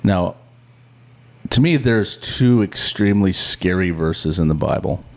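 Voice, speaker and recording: A man co-hosting a Christian podcast, teaching casually and telling stories in an animated, chatty way that acts out the lines he quotes. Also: low voice, measured pace, gravelly. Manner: chatty and informal. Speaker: podcast co-host. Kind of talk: casual conversational Bible teaching.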